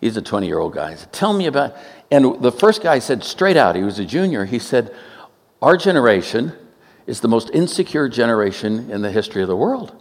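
A man in his seventies from Oakland, California, preaching a sermon with humorous stories, joking and animated, with quick asides. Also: medium pitch, big-room sound. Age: 70s.

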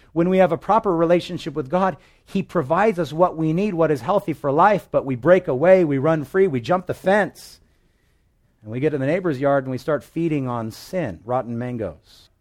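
A man preaching a conversational sermon, his voice a touch higher than most men's. He shifts between loud emphatic phrases and quiet, muttered asides, and he leans on vivid everyday illustrations. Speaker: pastor.

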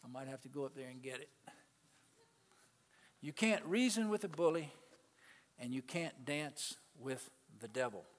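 A male pastor preaching a sermon to his congregation, swinging between loud, emphatic peaks and quiet asides and calling out to the people in the pews. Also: mid-range voice, lively intonation, a little slow, pauses often. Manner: calls out to the congregation. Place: church sanctuary. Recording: long reverb of a large hall.

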